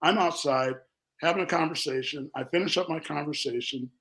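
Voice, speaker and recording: A man telling a story in a gravelly, fairly high voice with a bright, forceful edge. He rambles and acts out every line of dialogue in a casual interview. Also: a little fast, low-quality recording. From Minnesota. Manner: animated, rambling, acts out quotes. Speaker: company founder.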